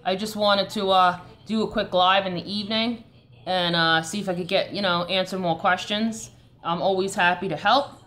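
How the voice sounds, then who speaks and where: A woman's voice: medium pitch, fairly even intonation, normal speed, fairly bright tone. A woman with a Long Island New York accent, hosting a casual live stream and answering viewer questions in a chatty, coaching way.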